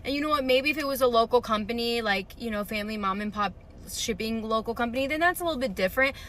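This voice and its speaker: A woman vents about a run-in, rambling and indignant, with her words full of "like". Her voice is a little high and bright. A faint hum of passing vehicles sits behind her. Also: fast. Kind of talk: casual storytime rant.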